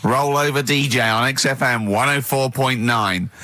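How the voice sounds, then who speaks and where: A man's voice: mid-range voice, moderate pace, sharp tone, faint music behind. A man hosting a radio show, teasing and mocking his co-hosts with frequent laughs. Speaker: radio host. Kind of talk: comic banter on radio. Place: radio studio. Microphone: studio mic.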